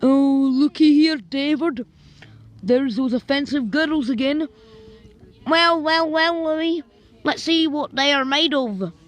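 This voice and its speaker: A woman acting out a loud, sneering boy bully who taunts with theatrical menace. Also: high-pitched, takes it slowly, pitched above the performer's own voice. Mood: taunting.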